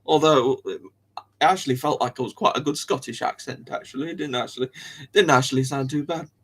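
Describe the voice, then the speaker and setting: A man's voice: mid-range voice, brisk, fairly bright tone, breathy edge. A young man, chatting casually on a live stream, rambling, restarting sentences and giggling often.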